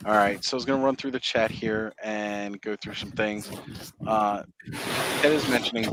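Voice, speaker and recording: A man hosting a live stream, chatting casually and explaining at length in a relaxed, rambling way. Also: lowish voice, normal speed, very noisy. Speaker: livestream host. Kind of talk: casual chat.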